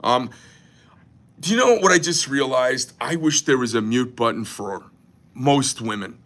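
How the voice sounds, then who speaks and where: A man rambles and jokes in a crude, profane way. His voice is bright and forceful, at a middling pitch. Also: lively intonation, measured pace. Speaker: knife company owner. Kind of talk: casual crude livestream rant.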